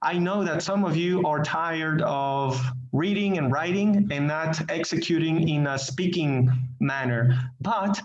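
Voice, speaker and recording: Man teaching english, first language spanish, very slow careful delivery, a little high-pitched, echoey dull call audio. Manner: slow, deliberate, repeats words while searching for them. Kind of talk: online class lecture.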